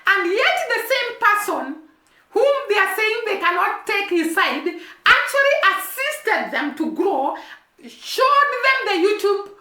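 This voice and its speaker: A woman's voice: very high-pitched, big pitch swings, measured pace, pushed and bright. A woman giving casual commentary as a vlogger, earnest and repeating words for emphasis. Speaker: vlogger commenting on news and gossip. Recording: roomy echo.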